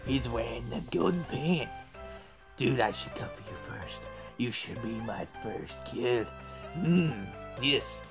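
A young man giving excitable commentary over a game he is playing, trash-talking opponents. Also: medium pitch, takes it slowly, music in the background. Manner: excitable, yelps and trash-talks. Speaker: gaming YouTuber.

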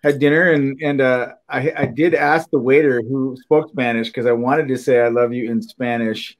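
An older man from Minnesota, a podcast guest, talking in a halting way with many fillers and soft laughs. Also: medium pitch, steady tone, dull audio. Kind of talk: casual interview chat.

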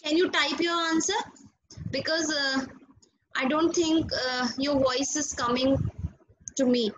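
Indian woman teacher, high voice, slow and patient, online class over a call. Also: steady tone, fairly bright tone, highs cut off. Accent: Indian English. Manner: patient, repeats names and questions, praises students. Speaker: school teacher. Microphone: video call.

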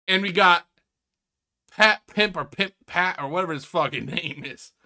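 A man hosting a reaction video, laughing often, swearing and mocking what he watches while addressing viewers as ladies and gentlemen. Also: high-pitched, normal speed. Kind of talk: casual reaction commentary.

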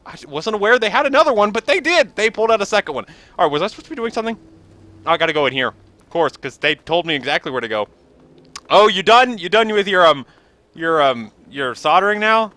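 A man's voice: high-pitched, very animated, quick pace, pushed and bright, no room sound. A man rambling sarcastically and joking while commenting on his gameplay. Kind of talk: let's play commentary.

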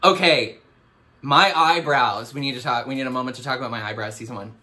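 Animated, bright-voiced Canadian man. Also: medium pitch, racing. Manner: animated, self-mocking, exclamatory. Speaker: actor reacting to his old show. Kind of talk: casual reaction commentary.

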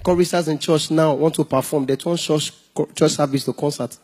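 A man with a Nigerian accent doing stand-up comedy, animated and breaking into song and mock shouting. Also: fairly high pitch, brisk.

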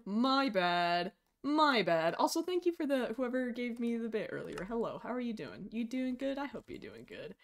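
A woman streaming a game and chatting with her viewers, excitable and squealing over cute animals, swearing casually, with faint game music behind her. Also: on the high side, normal speed, hardly any pauses, a little hiss or hum. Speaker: Twitch streamer. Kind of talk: casual gaming livestream chat.

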